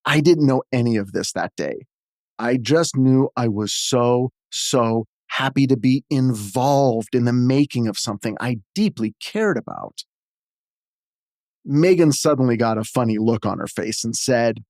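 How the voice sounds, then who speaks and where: A man hosting his own show, reading a scripted comic memoir in a deadpan, self-deprecating way. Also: mid-range voice, unhurried, gravelly, dry recording, clean studio sound. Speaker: host and screenwriter.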